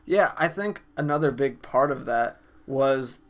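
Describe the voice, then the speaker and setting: A man's voice: medium pitch, expressive, a little slow. A man in his twenties, co-hosting a casual movie review, talking in a laid-back way. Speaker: co-host of a movie review show.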